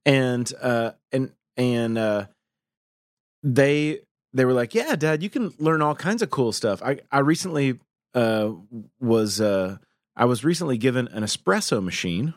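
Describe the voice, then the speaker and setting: Male podcast co-host, lively up-and-down voice, dry close sound, rambling delivery. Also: medium pitch, no echo. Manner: rambling, halting, with many restarts. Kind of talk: casual podcast chat. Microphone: remote call microphone.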